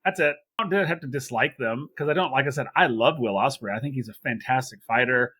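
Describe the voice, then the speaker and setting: A man's voice: medium pitch, fairly quick, bright, forceful tone, husky. A man co-hosting a wrestling podcast in casual chat, talking freely with frequent laughs and restarts. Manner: chatty, laughs often, repeats himself. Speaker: podcast co-host.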